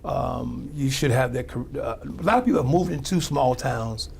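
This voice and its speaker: A St. man, a small-town mayor, answering interview questions in a gravelly voice. He talks loosely and conversationally over faint background noise. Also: medium pitch, normal speed. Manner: conversational, with frequent restarts and fillers. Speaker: mayor, guest.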